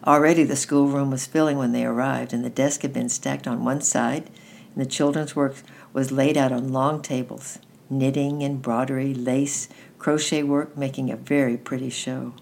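Storytime reader, woman, unusually deep low voice, gentle steady read-aloud. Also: normal speed, vocal fry, a little hiss or hum. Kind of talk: reading a children's book aloud.

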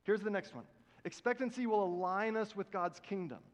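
A male pastor preaching in a big church, his voice pitched high for a man and trailing a long reverb through the hall. He moves between loud, emphatic exhortation and quiet, prayerful passages. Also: normal speed. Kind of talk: sermon.

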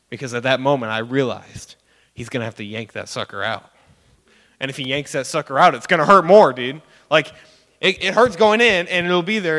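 A man's voice: a little high, fairly bright tone. A young man giving a sermon illustration, telling a story in a casual, rambling way full of fillers. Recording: long hall reverb.

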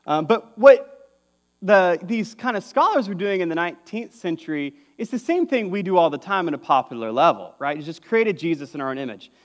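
A man's voice: high voice, animated, fairly quick. A young man, preaching a conversational sermon as a pastor, full of fillers and restarts.

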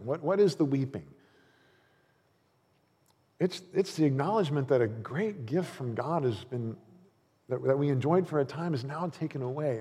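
A man's voice: mid-range voice, darkish tone. A man preaching a sermon as pastor in a church, earnest and conversational, with frequent fillers and restarts. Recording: long reverb of a church hall.

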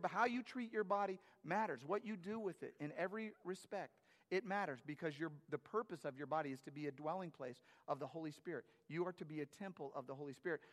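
Energetic pastor with a long hall echo. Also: male voice, high-pitched. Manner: energetic, repeats himself with restarts. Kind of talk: sermon. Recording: long church hall reverb.

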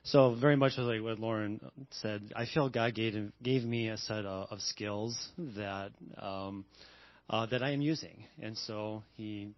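A man with a lowish voice sharing his thoughts on a church panel, hesitant and full of restarts. The sound is muffled and lo-fi. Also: fairly even intonation, a little slow, dry recording. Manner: hesitant, many fillers and restarts. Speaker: panel guest. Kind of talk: unscripted testimony. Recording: dull sound.

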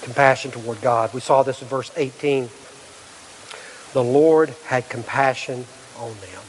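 A man's voice: mid-range voice, a little slow, slight background noise. A middle-aged male pastor preaching a sermon, earnest, full of rhetorical questions and restarts. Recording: long hall reverb.

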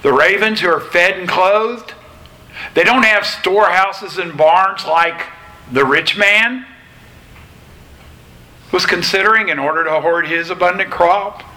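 A man preaching a sermon in a slow, deliberate way, pausing between phrases. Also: sits high, sharp tone, low-quality recording. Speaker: pastor.

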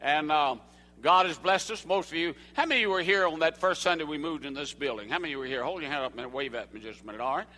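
An older Southern American man preaches in a folksy way, calling questions out to the congregation. His voice is high and bright, and it rings with the long reverb of a church sanctuary. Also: racing. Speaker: evangelist. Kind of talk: sermon.

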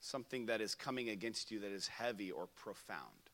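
A young man preaching a sermon at a camp, telling stories that swing from loud to hushed. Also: lowish voice, expressive, fairly quick, big-room sound. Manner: storytelling, shifts from loud to hushed. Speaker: pastor. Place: camp meeting room.

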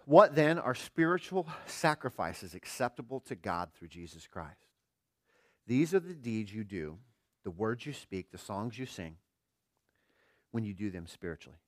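A middle-aged man preaching a sermon as pastor, earnest, firing rhetorical questions and swinging between quiet and emphatic delivery. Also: lowish voice, big pitch swings, unhurried, dry recording, studio quality.

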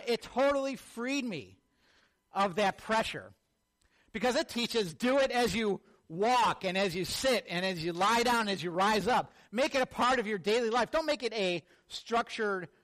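A man preaching a sermon as a pastor, telling stories and acting out the people in them. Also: high voice. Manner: animated storytelling, acts out quotes.

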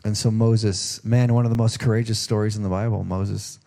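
A man's voice: lowish voice, steady tone, a little fast, creaky, warm tone. A middle-aged man preaching a sermon in a folksy, conversational way, often restarting his sentences. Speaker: pastor.

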